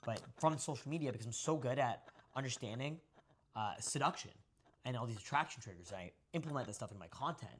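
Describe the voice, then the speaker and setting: A man's voice: mid-range voice, lively intonation, quick pace, slightly rough. A young man talking as a guest on a podcast, boastful, brash and profane. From Indian descent. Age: young adult. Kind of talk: casual podcast talk.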